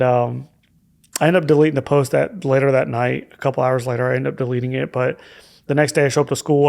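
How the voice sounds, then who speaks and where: Podcast guest, young adult man; candid, reflective storytelling with a gravelly, monotone delivery. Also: medium pitch. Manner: candid and reflective, with hesitant fillers. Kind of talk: personal story in a podcast conversation.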